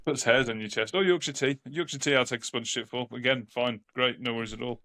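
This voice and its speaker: A man's voice: medium pitch, steady tone, quick pace, pushed and bright. A man co-hosting a casual podcast, rambling and repeating words as he thinks aloud. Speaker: podcast co-host.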